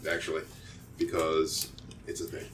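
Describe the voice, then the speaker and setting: A man running a tabletop game as game master, narrating in a halting way with many restarts. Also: rumbling low, monotone, a bit bright, slight background noise.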